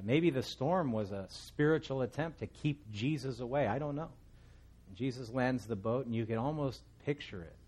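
A middle-aged pastor teaching a Bible passage in a relaxed, conversational way, with storytelling asides. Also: male voice, on the low side.

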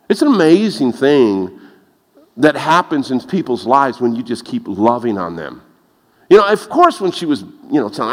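A man preaching a lively sermon, telling stories and laughing at his own jokes. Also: a little fast. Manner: animated, laughs at his own jokes, rises in pitch when excited. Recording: long reverb of a large hall.

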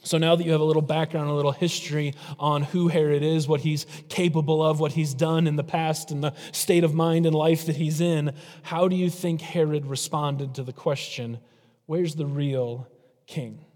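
Slightly high-voiced male preacher in a reverberant hall. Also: level tone, moderate pace, darkish tone. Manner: emphatic preaching, varies pace for effect. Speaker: pastor. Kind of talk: sermon.

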